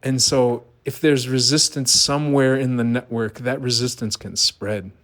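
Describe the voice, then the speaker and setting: A man's voice: medium pitch, fairly even intonation, normal speed, a bit bright. A middle-aged man giving an earnest, emphatic monologue, asking rhetorical questions. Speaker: vlogger. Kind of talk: personal monologue.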